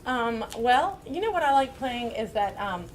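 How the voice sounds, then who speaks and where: A woman's voice: on the high side, sing-song, moderate pace, heavy background noise. A woman hosting a casual live stage show, rambling folksily with plenty of fillers. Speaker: show host and singer-songwriter.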